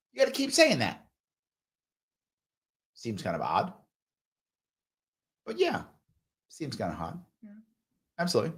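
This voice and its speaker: A man runs a live ask-me-anything stream, taking viewer comments one by one. His pitch swoops up and down as he stresses points, and he repeats key phrases for emphasis. He also slips into mocking impressions of the people he argues against. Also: a bit bright. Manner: does mocking voices of opponents.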